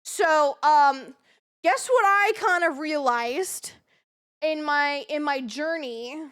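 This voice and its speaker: Very high-voiced excitable young woman. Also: slow pace. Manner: rambling, excitable, swears freely, repeats herself. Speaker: streamer. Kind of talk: casual live-stream chat.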